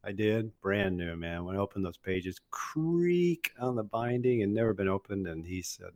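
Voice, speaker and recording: An older man telling a funny personal story in an animated, casual way, often laughing and acting out what others said. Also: lowish voice, normal speed, few pauses. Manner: laughs often while telling, acts out quoted voices.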